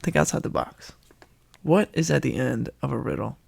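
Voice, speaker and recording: A man's voice: medium pitch, sing-song, moderate pace, gravelly, darkish tone, breathy edge. A young man hosting a casual podcast, playful and teasing, often laughing. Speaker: podcast host.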